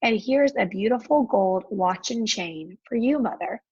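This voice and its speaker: A woman voicing an eager, brave young boy in a storybook reading, earnest and often hushed. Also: mid-range voice, lively intonation, measured pace, slightly rough, dull audio.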